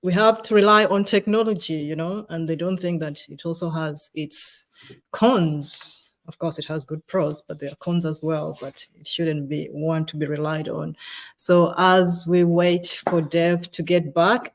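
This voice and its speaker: Ugandan-accented woman hosting a livestream, chatty, slightly low voice. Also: a little slow. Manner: chatty, greeting viewers and reading comments aloud. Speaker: livestream co-host. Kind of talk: casual live-stream hosting.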